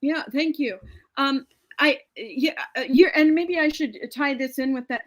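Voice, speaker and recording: High-voiced chatty woman comedian. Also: measured pace, poor audio. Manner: chatty, storytelling with frequent restarts. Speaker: comedian guest. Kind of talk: casual joke workshop chat.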